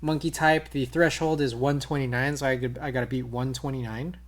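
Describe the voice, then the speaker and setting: A man's voice: mid-range voice, fairly even intonation, fairly quick. A man streaming live, chatting casually with viewers while typing on a keyboard he built. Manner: laid-back, talks to chat while typing.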